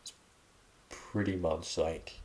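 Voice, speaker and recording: A man's voice: deep voice, steady tone, slow, darkish tone. A young Australian man hosting a casual solo podcast, reading out slang with offhand, sweary remarks and the odd laugh. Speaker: podcast host.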